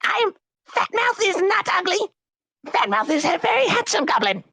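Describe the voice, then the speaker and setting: A woman's voice: extremely high pitch, sing-song, moderate pace, gravelly, pushed and bright, no room sound, exaggerated voice. A woman voicing a shifty male goblin thief who craves shiny things, speaks of himself in the third person, and uses broken grammar. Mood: pleading.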